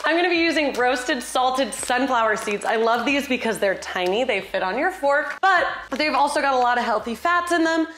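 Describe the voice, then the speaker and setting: A woman with a high, bright-toned voice hosts a casual home cooking tutorial. She chats in a bubbly, playful way. The sound carries the echo of a reflective kitchen. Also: moderate pace, hardly any pauses. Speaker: cooking video host.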